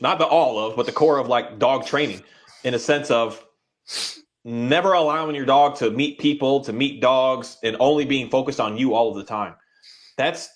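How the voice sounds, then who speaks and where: A man who trains dogs, talking casually and rambling, with many restarts and little voices acted out for dogs. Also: medium pitch. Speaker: dog trainer. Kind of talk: casual conversation.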